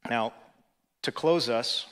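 A man preaching a sermon as pastor, swinging between emphatic, rising passages and quiet, reflective lines. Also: medium pitch, slow pace, clean tone. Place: church sanctuary. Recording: long hall reverb.

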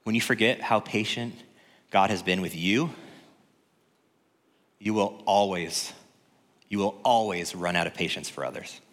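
A man preaching as a pastor, conversational and joking, swinging from loud to hushed. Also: fairly low pitch, measured pace, pauses often. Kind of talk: sermon. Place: church sanctuary. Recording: long reverb in a church hall.

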